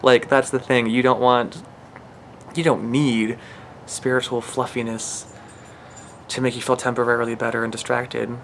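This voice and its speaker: A man's voice: mid-range voice, level tone, normal speed, fairly bright tone, slight background noise. A man giving a channeled spiritual reading in an emotional, earnest way, rambling and restarting his sentences. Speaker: spiritual reader.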